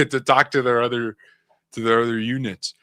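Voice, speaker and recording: A man's voice: mid-range voice, flat delivery, moderate pace, bright, forceful tone, no echo. A man co-hosting a live stream, chatting casually about breaking news with slang and frequent laughs. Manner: joking, laughs often, slangy.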